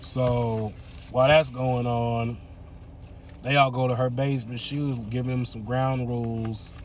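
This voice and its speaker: A man casually recapping a movie plot, chatty and quick to laugh. His voice is mid-pitched and easygoing. A faint hiss runs underneath. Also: level tone. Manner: chatty, laughs often, acts out the characters' lines. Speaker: movie reviewer.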